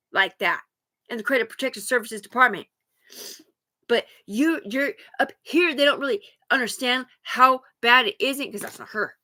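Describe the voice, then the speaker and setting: A woman's voice: high-pitched, moderate pace, pushed and bright. A woman talking alone on a live stream in a rambling, profane, agitated way, jumping from thought to thought.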